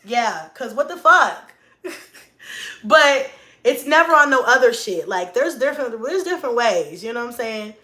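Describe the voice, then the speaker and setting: A woman's voice: a little high, big pitch swings, moderate pace, sharp tone, roomy sound. A woman in her thirties, a mom vlogger chatting casually, blunt and profane, talking back to critics. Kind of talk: casual livestream-style chat.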